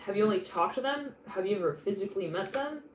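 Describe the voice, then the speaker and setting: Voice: mid-range voice, expressive, fast. A tarot reader giving a live intuitive reading in a chatty, rambling way, laughing often and restarting thoughts. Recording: roomy echo with faint background noise.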